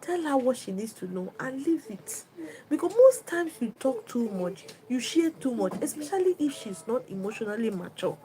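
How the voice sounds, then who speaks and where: A woman's voice: fairly high pitch, very animated, moderate pace, dark tone, low-quality recording. A woman giving relationship advice on a livestream. She talks in an emphatic, instructive way and often repeats herself.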